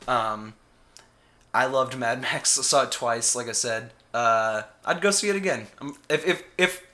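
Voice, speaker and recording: Bright-voiced chatty male podcast host. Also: mid-range voice, measured pace. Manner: chatty, lots of "like" and "uh". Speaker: podcast co-host, film reviewer. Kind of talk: casual chat.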